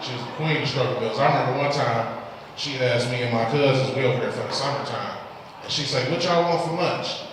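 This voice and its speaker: A man's voice: medium pitch, steady tone, quick pace, recorded from a distance, noisy background. A young man from Detroit with a Detroit accent, telling loose stand-up stories with exasperated quoted voices. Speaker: stand-up comedian. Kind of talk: stand-up set. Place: live comedy club stage. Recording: echoey hall recorded from afar. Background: audience laughter.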